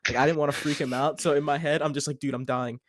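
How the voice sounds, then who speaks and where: On his podcast, a young man relates a long story in an easygoing, rambling way, swearing and saying "like" a lot. He talks fast with a fairly high, steady-toned voice, recorded dry at studio quality.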